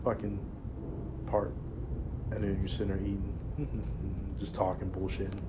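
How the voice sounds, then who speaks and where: A man telling stories in casual chat, animated and profane, jumping into a raised voice to act out quotes. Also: low-pitched, measured pace, very noisy. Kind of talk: casual storytelling.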